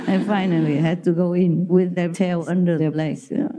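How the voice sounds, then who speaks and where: A woman with a lowish voice speaks in a steady, unhurried way, leaving long pauses, with background noise behind her. She talks as a spiritual teacher, telling stories casually, laughing often and using non-native English grammar.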